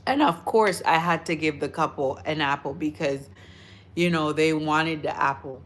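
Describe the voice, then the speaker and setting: A woman's voice: low voice, fairly even intonation, moderate pace, fairly bright tone. A woman hosting a livestream, chatting casually with viewers in a rambling, storytelling way and gushing about food. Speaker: livestream host. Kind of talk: casual chat answering viewers.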